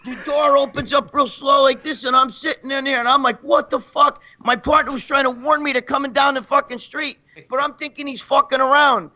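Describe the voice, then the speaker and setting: Bright, high-voiced New man rambling. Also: level tone, a little fast, hardly any pauses, dull audio. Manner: profane, rambling, laughing through stories. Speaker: guest storyteller. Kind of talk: crude comic anecdote.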